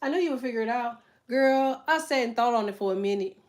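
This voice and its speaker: A woman's voice: fairly high pitch, fast talker. A middle-aged woman hosting a tarot livestream, chatting casually straight to her viewers in a blunt, profane, emphatic way. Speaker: tarot reader and livestream host.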